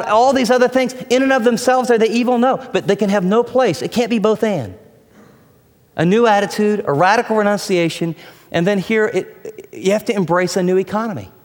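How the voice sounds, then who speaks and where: A man with a high, light voice delivers a sermon as pastor, building emphatic phrases and then sinking low and soft for the key words. His voice rings out with a long reverb tail, like a large church sanctuary. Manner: emphatic preaching with dramatic drops in pitch and volume.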